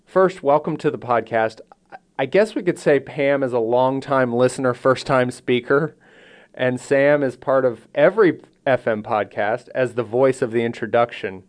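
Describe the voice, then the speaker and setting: A man hosting a podcast, reading a scripted introduction and asking questions in a measured, friendly way. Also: medium pitch. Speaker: podcast host.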